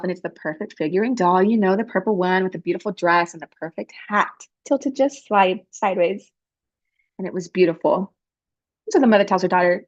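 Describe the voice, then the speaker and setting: A woman interpreting for a panelist, telling a story in an expressive, animated way. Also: lowish voice, fairly quick, highs cut off. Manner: animated, expressive, breaks into character voices. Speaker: sign language interpreter voicing a panelist.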